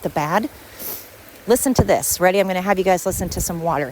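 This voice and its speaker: A woman's voice: lowish voice, quick pace, darkish tone, a little hiss or hum. Blunt, rambling woman podcaster. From Sweden. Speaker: podcast host. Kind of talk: casual solo monologue.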